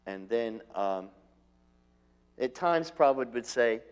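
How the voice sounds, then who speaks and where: A man reminiscing about his teacher in an interview, telling stories gently and acting out what was said. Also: medium pitch, animated, unhurried, smooth. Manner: gentle storytelling, acting out quotes. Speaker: disciple recalling his teacher.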